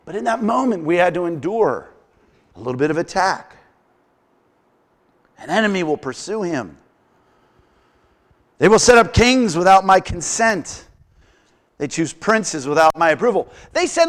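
A middle-aged man preaching a sermon as pastor, animated and humorous, acting out quotes as he tells stories. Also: sits high, moderate pace, long pauses.

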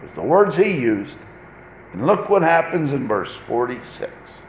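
A man preaching a lively, conversational sermon, acting out short exchanges between people as he goes. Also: mid-range voice, takes it slowly, long pauses, echoey room, slight background noise. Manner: animated, conversational, acts out little dialogues. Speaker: pastor.

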